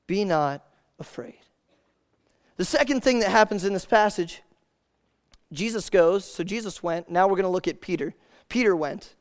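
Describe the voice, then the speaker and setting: A man preaching a sermon in a casual, conversational way, calling listeners "man" and "guys" and reading scripture aloud slowly. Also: high-pitched.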